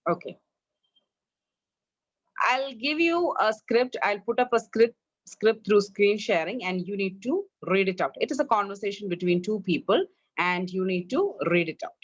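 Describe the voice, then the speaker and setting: A woman's voice: medium pitch, lively intonation, moderate pace, dry recording, muffled recording. A woman with an Indian English accent teaching English online, correcting her students' pronunciation and drilling them. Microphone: online class, video call.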